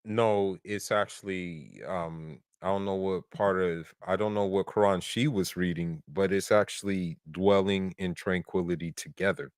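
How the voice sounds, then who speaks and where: Blunt male podcast host, low voice, dry close mic. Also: fairly even intonation, unhurried, few pauses, smooth, dry recording. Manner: blunt, argumentative, recites verses in Arabic. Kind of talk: casual debate talk.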